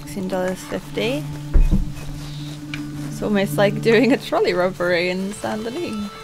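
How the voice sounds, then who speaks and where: A woman's voice: medium pitch, expressive, a little slow, over music. A young woman hosting a let's-play, chatting casually as she plays and often laughing at her own mistakes. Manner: chatty, thinks aloud and laughs at herself. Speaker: gaming let's-play host. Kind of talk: casual game commentary.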